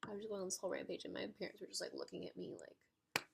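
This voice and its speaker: A woman telling a story to camera in an excitable, chatty way, full of "like". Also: fairly low pitch, very fast, vocal fry, a little hiss or hum. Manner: excitable, chatty, heavy use of "like". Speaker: storytime vlogger. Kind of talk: casual storytelling.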